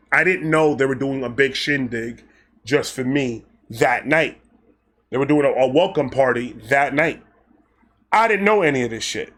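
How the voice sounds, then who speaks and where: A man from Brooklyn, telling a personal story in a casual, profane, animated way, slipping into voices when quoting people. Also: fairly high pitch. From Brooklyn, New York.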